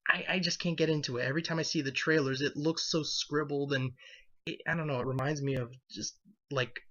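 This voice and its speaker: Bright-voiced man rambling about cartoons. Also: fairly high pitch, a little fast. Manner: rambling, animated, self-correcting. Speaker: video commentator. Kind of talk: casual opinion commentary. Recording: dull lo-fi sound.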